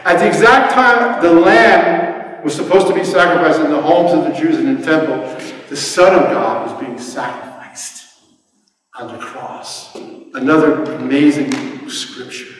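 A middle-aged man preaching a sermon, swinging from hushed tones to shouting. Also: a little high, unhurried. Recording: roomy hall, mic far off.

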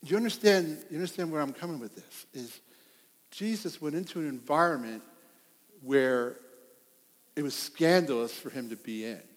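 A high-pitched man preaching a sermon in a church hall, animated and full of stories. He often laughs at his own tales as he tells them. A long reverb trails every phrase. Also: moderate pace. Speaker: pastor.

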